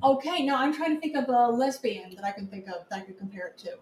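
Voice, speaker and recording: A woman's voice: fairly high pitch, lively intonation, fast, far from the mic, heavy background noise. A woman co-hosting a podcast in casual chat, chiming in and reading listener comments aloud. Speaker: podcast co-host. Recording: roomy echo, off mic.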